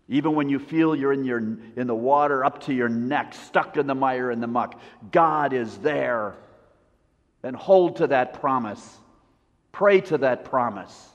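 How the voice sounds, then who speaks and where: Slow, lively male pastor in a reverberant hall. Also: medium pitch. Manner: storytelling, lively with soft intimate drops. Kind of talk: sermon. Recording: long reverb, dull lo-fi sound.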